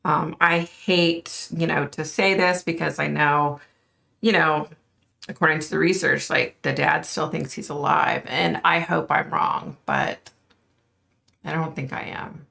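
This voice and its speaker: Woman, deep voice, vocal fry, casual rambling vlog narration. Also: steady tone, unhurried, bright, forceful tone. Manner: rambling, many fillers, points at an imagined map. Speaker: psychic vlogger. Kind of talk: casual storytelling to camera.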